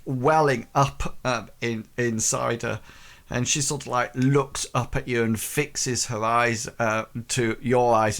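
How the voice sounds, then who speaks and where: Hesitant slow-talking male game master. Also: medium pitch, fairly bright tone. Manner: hesitant, many ums and restarts. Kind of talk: narrating a tabletop game.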